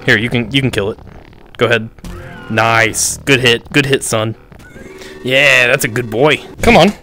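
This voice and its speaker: A young man giving playful, excitable commentary while playing a VR game. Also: mid-range voice, a little slow, faint music behind. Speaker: gaming YouTuber. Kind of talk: VR gameplay commentary.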